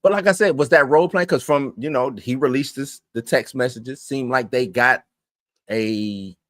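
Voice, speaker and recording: A man's voice: medium pitch, normal speed, fairly bright tone, dry recording, clean studio sound. A man hosting a casual chat stream, laid-back and slangy, often laughing. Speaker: host.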